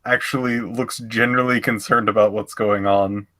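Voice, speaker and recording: A man narrating his character's actions in a tabletop game, pausing often and hesitating. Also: lowish voice, steady tone, bright, forceful tone. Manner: hesitant, many fillers. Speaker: player. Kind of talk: tabletop role-play narration.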